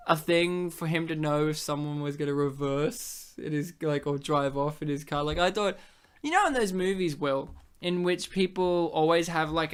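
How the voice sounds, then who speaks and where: A woman's voice: low-pitched, clean tone. A woman co-hosting a casual film commentary, laughing often, swearing freely and slipping into silly voices as she talks. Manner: giggly, swears a lot, does silly voices. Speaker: podcast co-host.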